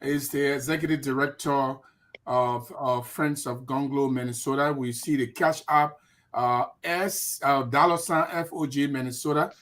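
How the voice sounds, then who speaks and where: A man's voice: mid-range voice, fairly even intonation, normal speed, fairly bright tone. A man hosting a talk program, politely thanking speakers and moving the show along. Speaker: host.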